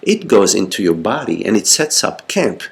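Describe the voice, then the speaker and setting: An older man, a spiritual teacher, speaks gently in a meditative question-and-answer talk, his voice on the low side, sing-song and gravelly. His phrasing is halting and repetitive, often punctuated with "you see."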